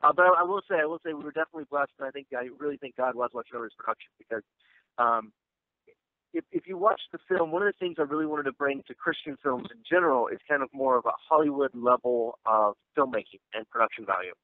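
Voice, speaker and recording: Speaking quickly at a medium pitch, this actor-filmmaker guest chats about his film in an interview, his talk loose and rambling, full of fillers and restarts. The phone line is tinny and dry, with no room sound.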